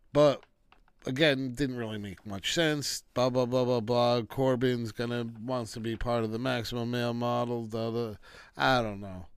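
Male reviewer with a smooth, dry voice who rambles and rants, brushing things off casually. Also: medium pitch, no room sound. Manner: rambling and dismissive, breaks into rants. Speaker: wrestling show reviewer. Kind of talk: casual solo commentary.

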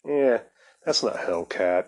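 A fairly low-voiced man talks through comics history in a loose, rambling podcast monologue. He swears constantly, speeds up when he gets worked up and laughs at his own asides. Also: slow. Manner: profane, excitable storyteller who laughs often. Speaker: podcast host. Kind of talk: casual comics commentary.

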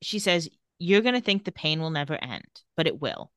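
A woman co-hosting a casual recap podcast, retelling scenes and reading lines of dialogue in a flat, even voice. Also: low voice, normal speed, dry recording, studio quality. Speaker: podcast co-host.

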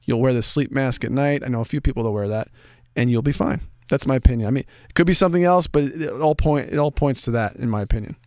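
A man's voice: mid-range voice, fast, a little mellow, no echo, studio quality. A man co-hosting a casual chat show, enthusiastic and repeating himself as he reads listener mail. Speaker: co-host reading listener mail.

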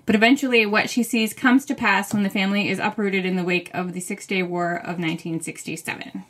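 A woman's voice: mid-range voice, fairly even intonation, fairly quick. A woman co-hosting a podcast, chatting casually and enthusiastically about new books, laughing easily. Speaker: podcast co-host. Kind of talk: casual book chat.

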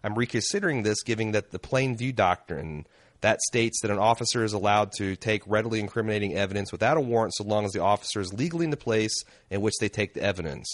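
Hoarse man co-hosting a podcast. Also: fairly low pitch, fast talker, no room sound, studio quality. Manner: loose and joking, reads listener emails aloud. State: losing his voice. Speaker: podcast co-host. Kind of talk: casual podcast chat.

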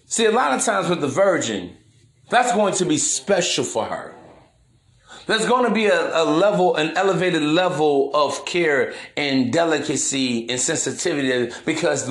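A man's voice: a little high, lively intonation, normal speed, echoey room. A man hosting a podcast in a brash, preachy monologue, full of slang and swearing. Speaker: podcast host. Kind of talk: casual monologue.

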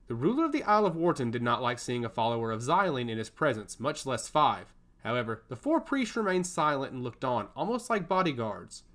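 Male narrator for fantasy audio fiction, lively and expressive. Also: mid-range voice. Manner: expressive storytelling.

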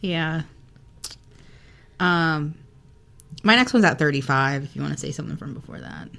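A woman's voice: deep voice, expressive, normal speed, creaky, fairly bright tone. A young woman co-hosting a casual book podcast, giggly and blunt, swearing freely. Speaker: podcast co-host.

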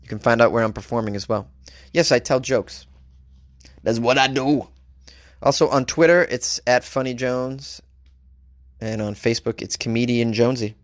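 A man's voice: medium pitch, moderate pace, pauses often, dry recording, clean studio sound. Joking male comedy podcast host. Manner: animated, joking, reads news aloud with asides. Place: home studio, Los Angeles.

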